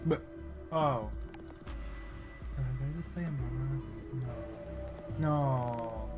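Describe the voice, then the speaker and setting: A man's voice: mid-range voice, drawn-out words, pauses often, over music. A man giving casual, jokey gameplay commentary that wanders off on tangents, and at times reading a scripture passage aloud. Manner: rambling, jokey, self-interrupting.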